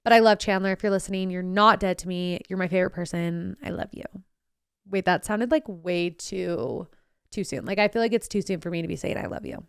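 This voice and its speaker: A young podcast host speaks a little fast in a fairly low, gravelly voice with a clean tone, in clean studio sound free of echo. Her casual story is sarcastic, bubbly, and chatty, and she acts out quotes from others and herself in animated voices.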